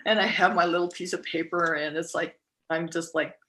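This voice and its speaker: Middle-aged woman, podcast guest, personal storytelling, halting, lots of ums and restarts. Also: on the low side, fairly even intonation, pushed and bright. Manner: halting, many fillers and restarts.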